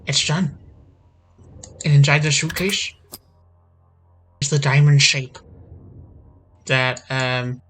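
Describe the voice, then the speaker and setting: A man's voice: fairly high pitch, fairly even intonation, slow pace, pauses often, a bit bright, faint music behind. A man at his computer desk giving playthrough commentary, getting more and more exasperated and ranting to himself as he plays. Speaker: gaming channel host. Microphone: desk microphone.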